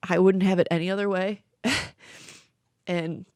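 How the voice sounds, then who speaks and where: A young woman chatting casually as a podcast co-host, her voice sitting a little low. She talks in a loose, rambling way, full of fillers and quick laughs. The sound is close and dry, with little room around it. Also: little pitch movement, darkish tone, no echo. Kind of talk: casual chat.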